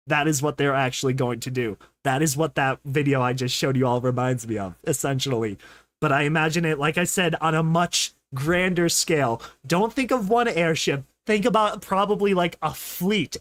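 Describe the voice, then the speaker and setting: A young man doing excited, rambling commentary on a live stream, laughing often and calling his viewers dude and bro. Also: on the high side, no echo. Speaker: streamer reading a story with commentary.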